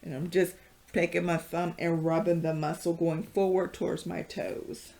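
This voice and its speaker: A woman's voice: lowish voice, level tone, moderate pace, vocal fry, a little mellow. A woman leading a casual yoga class, chatty and rambling, with many fillers and frequent laughs. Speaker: yoga instructor.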